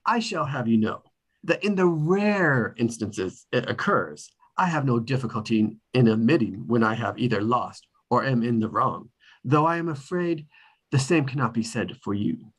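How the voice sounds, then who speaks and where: A man reading a charming, teasing young aristocrat at a table read, with a husky voice. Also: mid-range voice, expressive, moderate pace, fairly bright tone.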